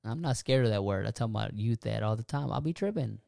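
A young man talking casually about faith and self-forgiveness on a podcast, animated and preachy, laughing often. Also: fairly low pitch, fairly quick, vocal fry, no echo, clean studio sound. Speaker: podcast co-host.

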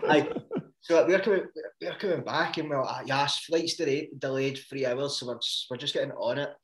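A man's voice: mid-range voice, steady tone, fast, a bit bright, roomy sound. A Scottish man in casual chat, laid-back and joking, swearing freely.

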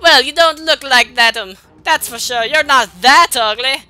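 A woman voicing a brash male mole creature in a vaguely Italian put-on accent, loud and swaggering while reading game dialogue. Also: high-pitched, a little slow, voice pushed up. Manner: loud, gruff, swaggering, shouty.

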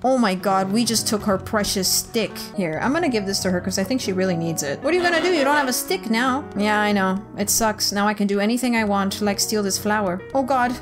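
A woman's voice: mid-range voice, brisk, few pauses, music in the background. A young woman giving silly let's play commentary, talking to the game's characters and pleading in squeals.

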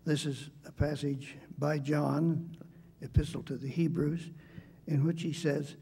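Older guy at a debate, raspy husky voice, kinda mellow, lots of uhs and pauses while he tells an old story. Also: fairly high pitch, level tone. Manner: halting, with frequent hesitations and restarts. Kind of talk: reflective storytelling in a debate speech.

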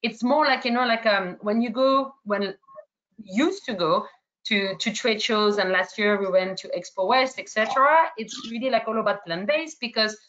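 A woman's voice: a little high, moderate pace, a bit bright, lo-fi sound. A woman from France with a slight French accent, moderating an online webinar Q&A in a hesitant way, full of fillers and restarts.

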